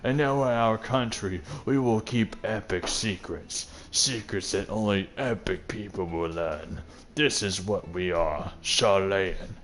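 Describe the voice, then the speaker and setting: A man putting on the voice of a pompous, self-important old scholar, speaking slowly and grandly as a mockery. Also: on the low side, a bit bright, a little hiss or hum. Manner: slow, grandiose, mocking.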